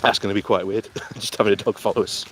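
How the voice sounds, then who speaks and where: With a lowish, fairly bright voice, fairly even intonation, and a fast pace, a political vlogger rambles through casual commentary on a morning walk outdoors. He films himself handheld and often laughs, with a little hiss or hum in the recording.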